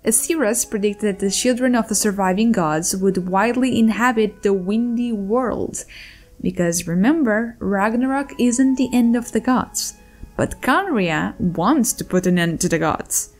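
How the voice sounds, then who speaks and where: A woman with a hoarse voice, reading a scripted theory narration about game lore, with playful, wry asides. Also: medium pitch, a little slow. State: hoarse, losing her voice. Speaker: video essayist on game lore.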